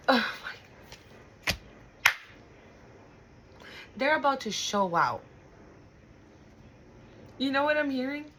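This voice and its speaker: A woman's voice: fairly high pitch, fairly bright tone, a little hiss or hum, low-quality recording. A woman giving an intuitive tarot reading to her viewers, emotional and close to tears, drawing out her words for emphasis and breathing hard. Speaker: tarot reader.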